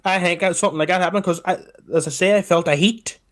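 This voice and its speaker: A young man tells a story on a podcast. He is animated and swears freely. He often slips into the voices of the people he describes. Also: sits high, quick pace. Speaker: podcast co-host. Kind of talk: casual storytelling chat.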